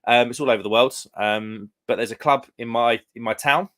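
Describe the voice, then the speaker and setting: A man's voice: medium pitch, a little fast, a bit bright. A young man from the UK hosting a live stream, chatting casually with viewers in a rambling way full of fillers. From United Kingdom. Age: young adult.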